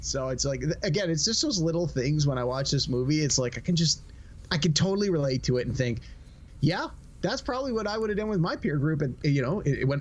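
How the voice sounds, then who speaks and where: Man, fairly high voice, casual movie podcast chat, reflective, restarts phrases. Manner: reflective, repeats words while thinking. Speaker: podcast co-host.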